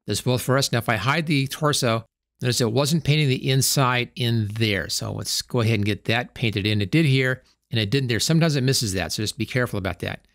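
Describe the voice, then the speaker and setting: A man narrates a screen-recorded tutorial at an unhurried, steady pace. He explains each step plainly as he works. His mid-range voice is recorded close and dry, with no room echo. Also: mid-range voice. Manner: calm step-by-step instruction, talking through each action as he works. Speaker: tutorial host.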